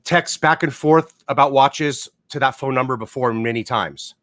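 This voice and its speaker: A man's voice: mid-range voice, moderate pace, a bit bright, no room sound, studio quality. Foul-mouthed rambling man. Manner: profane, rambling, blunt. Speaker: livestream host. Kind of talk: casual livestream chat.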